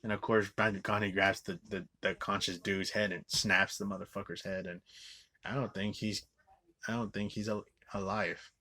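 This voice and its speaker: A man's voice: fairly low pitch, level tone, normal speed, bright, forceful tone. Swearing man ranting about a movie. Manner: rambling with constant "like" fillers and restarts; swears often, scornful. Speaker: movie reviewer. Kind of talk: profane ranting movie review.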